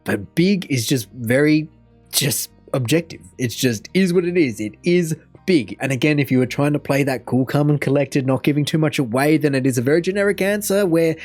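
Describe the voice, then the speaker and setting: A man's voice: a little high, animated, brisk, a little mellow, faint music behind. A young Australian man, a reaction host, chatting and musing aloud in casual commentary.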